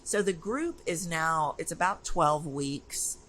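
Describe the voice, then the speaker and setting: The recording is low quality, and the woman's deep voice moves slowly. As a voice coach guest in a casual interview, she tells her stories with energy, emphasis, and animation.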